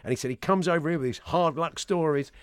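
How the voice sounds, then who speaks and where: A man's voice: fairly high pitch, fast, clean tone. A man hosting a sports talk radio show in the studio, chatting and telling jokey stories.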